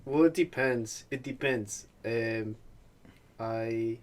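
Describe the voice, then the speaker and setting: A man's voice: medium pitch, slow. A man appearing as a guest on a casual chat, hesitant and searching for words.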